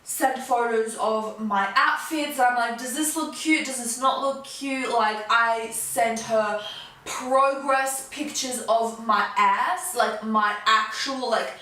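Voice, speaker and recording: Young woman vlogger, high and animated, storytime rant, echoey room, mic a bit far off. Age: 20s. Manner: animated, fast-talking, swings from low mutters to high outbursts. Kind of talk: storytime vlog, casual chat.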